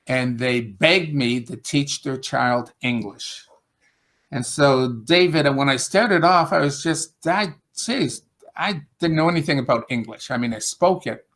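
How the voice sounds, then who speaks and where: A man's voice: a little high, a bit bright. A man with an upstate New York accent talking casually on a video call, rambling with fillers and restarts as he describes teaching English. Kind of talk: casual conversation.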